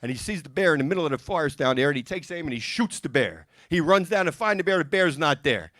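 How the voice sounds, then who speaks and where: A man with a high, very lively voice tells stand-up jokes one after another, slipping in quick character voices. His tone is bright and forceful. The sound is dry and close, with little room echo. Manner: rapid-fire joke delivery with character voices. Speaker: stand-up comedian. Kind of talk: stand-up joke telling. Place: music and arts center stage.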